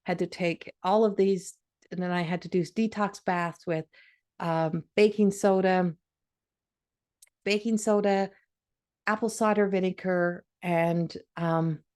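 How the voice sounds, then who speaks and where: A woman's voice: on the low side, steady tone, takes it slowly, a little mellow. A middle-aged woman hosting a podcast, telling a personal story in an emotional, conversational way with frequent restarts. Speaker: podcast host.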